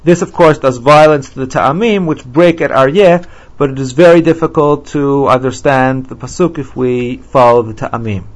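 A man teaches a scripture class at a steady, measured pace. He quotes each verse and then explains it, with frequent ums. His voice sits at an ordinary middle pitch. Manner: measured, reads Hebrew verses then translates, many ums. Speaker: Bible teacher. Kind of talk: textual lecture on scripture.

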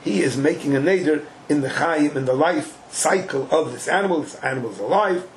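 A man giving a Talmud class, chanting the quoted text in an animated sing-song. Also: on the high side, fairly quick, slight background noise, poor audio. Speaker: Talmud teacher.

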